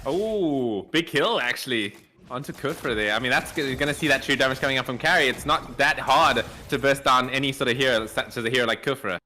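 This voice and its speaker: A man's voice: mid-range voice, fairly quick, bright, forceful tone, a little hiss or hum. A man co-casting a live online game match in a casual, chatty way, laughing often and calling people dude. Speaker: esports co-caster. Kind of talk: live esports commentary.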